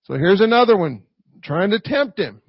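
A man's voice: high-pitched, sing-song, moderate pace, husky, no echo, highs cut off. A man preaching a conversational sermon in a folksy way, often checking in with a rhetorical "right?". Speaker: pastor.

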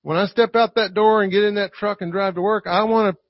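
A man's voice: high-pitched, fairly even intonation, a little fast, no echo. A man preaching a conversational sermon to a congregation, often checking in with "right?". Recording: dull lo-fi recording.

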